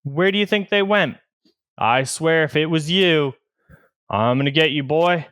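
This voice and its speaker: A man voicing a gruff, stern, suspicious old farmer who scolds his apprentice. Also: on the high side, measured pace, a bit bright, no room sound, clean studio sound, pitched above the performer's own voice. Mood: accusing.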